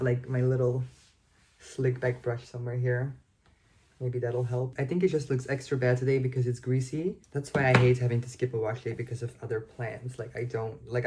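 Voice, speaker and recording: A young woman in her twenties chatting casually to the camera in a vlog, self-deprecating and full of filler likes. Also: rumbling low. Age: 20s. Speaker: vlogger.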